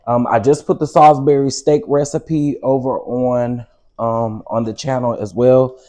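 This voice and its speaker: A man's voice: mid-range voice, level tone, a little slow, darkish tone. A man with a Southern American accent hosting a casual cooking stream from his home kitchen, chatty and calling viewers "baby" and "y'all". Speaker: cooking show host.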